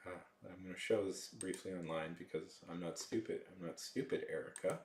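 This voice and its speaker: A man's voice: sits low, a little fast, darkish tone, roomy sound, a little hiss or hum. A man chatting casually with his live-stream viewers, rambling with lots of fillers.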